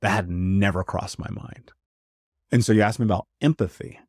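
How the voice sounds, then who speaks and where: Guy in his 30s, podcast guest, lower voice, earnest, says like a lot, dry sound. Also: moderate pace, creaky, darkish tone, husky, no room sound. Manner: earnest, emphatic, frequent "like" fillers. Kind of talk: candid personal storytelling.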